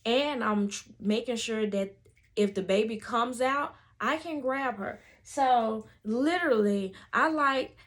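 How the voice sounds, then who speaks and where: A woman, a doula telling a story to camera in a lively way and acting out the voices of the people in it. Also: a little high, takes it slowly.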